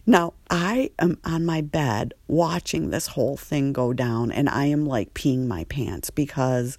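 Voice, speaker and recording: A woman telling a personal story in a chatty way, laughing often, filling pauses with um and dropping into whispers. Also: rumbling low, expressive, a little mellow, no room sound. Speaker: former treatment patient telling her story.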